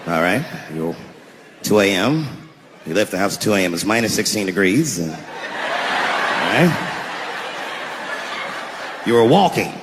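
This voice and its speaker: A man voicing a weary veteran police officer, who asks questions in a slow, patient drawl. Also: lowish voice, sing-song, background noise, voice pushed down. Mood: patient,skeptical.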